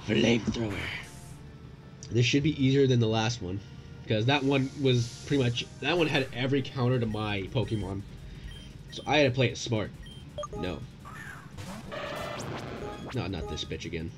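A young man commentating his own gameplay, excitable and profane, yelling at the game in bursts. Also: medium pitch, moderate pace, long pauses. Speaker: gaming YouTuber. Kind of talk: let's play commentary. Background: game music.

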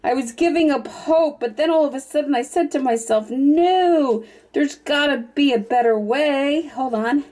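A young woman chatting casually through an unboxing vlog, thinking aloud and at times breaking into excited squeals. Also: sits high, moderate pace. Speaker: YouTube vlogger.

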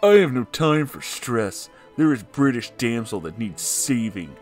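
A macho, vengeful cartoon tomcat from a silly storybook read-aloud, voiced by a man. He speaks with gruff, mock-heroic sternness, close to the reader's own voice. Faint music plays behind. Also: mid-range voice, big pitch swings, unhurried, a little mellow. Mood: stern.

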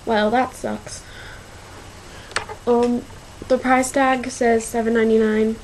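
A teenage vlogger with a slightly high, level voice rambles slowly through a casual shopping haul video. She leans heavily on fillers and says "y'all" a lot, with background noise behind her.

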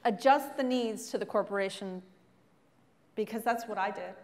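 A woman's voice: medium pitch, moderate pace, a little mellow, slight background noise. A middle-aged woman, a chef giving a frank, joking guest lecture to students in a large hall. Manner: joking, frank, self-mocking asides. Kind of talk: candid motivational talk to students. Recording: long hall reverb.

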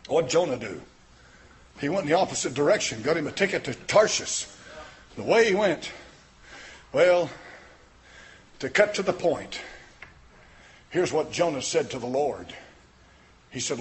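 An older man preaching a sermon in a folksy, plain-spoken way, rising from quiet talk to shouted fervor. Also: high-pitched, lively intonation, moderate pace, long pauses, slight background noise. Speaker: pastor.

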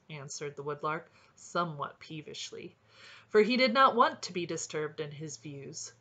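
A woman reading a storybook aloud in a calm, measured way. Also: deep voice, highs cut off. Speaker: audiobook reader. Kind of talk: scripted narration.

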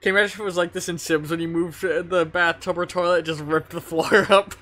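A man's voice: high voice, steady tone, bright, forceful tone. A young man hosting a webcomic read-along and chatting in a playful, easy way. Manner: playful, quick asides, laughs. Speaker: host reading a webcomic aloud. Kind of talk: casual chat.

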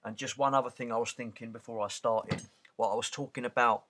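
A man's voice: medium pitch, fairly even intonation, fast talker, fairly bright tone. A man in his forties talking casually to camera, rambling, with many fillers and restarts. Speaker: channel host. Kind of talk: casual spoken commentary.

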